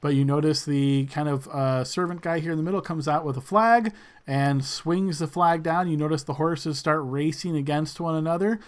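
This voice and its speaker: Man, game master, tabletop narration, fairly high-pitched, casual descriptive. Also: normal speed. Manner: descriptive, loose narration with fillers.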